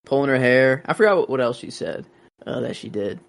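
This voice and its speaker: A man's voice: medium pitch, lively intonation, brisk, gravelly, dry recording. A man co-hosting a podcast in casual chat, hesitant and often trailing off. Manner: hesitant, trails off with "I don't know". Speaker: podcast co-host.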